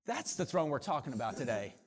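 A man's voice: medium pitch, fast, husky. A man preaching a sermon, reading scripture aloud with rising force and dropping into casual asides to the congregation. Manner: animated, builds volume and pace when reading scripture aloud. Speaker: pastor.

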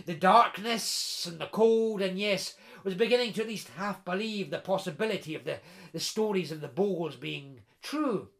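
Male storyteller, animated, high-pitched voice, stammers for effect. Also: gravelly. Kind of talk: oral storytelling to listeners.

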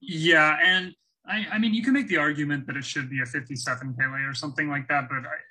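A man with a very bright, edgy tone and a husky grain speaks as a podcast guest. He explains his views fluently in a relaxed conversational way. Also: on the high side, fast, low-quality recording. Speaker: guest collector. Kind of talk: casual podcast interview.

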